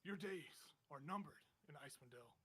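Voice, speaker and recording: A man's voice: fairly high pitch, lively intonation, a little fast, fairly bright tone, slightly rough. A man voicing a mysterious, menacing man dressed as a mariner, speaking in a cold, threatening, contemptuous way.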